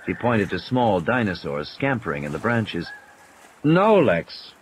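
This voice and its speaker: A man narrating an audiobook in a measured, expressive way. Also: sits low, slight background noise.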